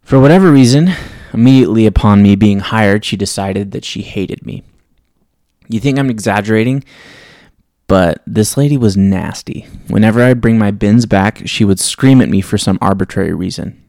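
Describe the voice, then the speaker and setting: A man's voice: on the low side, normal speed, a little mellow, no room sound, clean studio sound. A man hosting a podcast, reading a personal story in a reflective, wry way. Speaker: podcast host. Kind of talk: reading a personal story aloud, then casual sign-off.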